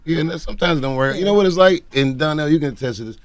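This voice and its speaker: A man's voice: fairly high pitch, very fast. A man in his forties telling funny stories in an interview, laughing often and acting out dialogue. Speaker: comedian guest. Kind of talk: interview anecdotes.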